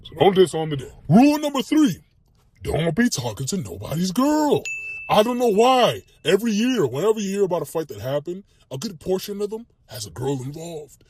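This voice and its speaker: Animated slangy young man with husky voice. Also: a little fast. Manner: loose, slangy and profane, animated swings in pitch. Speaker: comedic YouTuber. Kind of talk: satirical comedy monologue.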